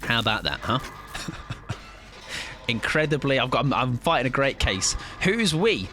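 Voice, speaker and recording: Lively British streamer over game music. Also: male voice, medium pitch, measured pace. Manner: animated, swears and laughs a lot. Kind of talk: live gaming commentary. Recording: game music playing under the voice.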